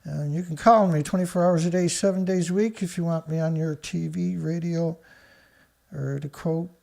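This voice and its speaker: A man's voice: on the high side, fairly even intonation, moderate pace, gravelly, darkish tone. A man from Canada hosting a live-stream news show, talking casually in a sarcastic, rambling way and scoffing at headlines.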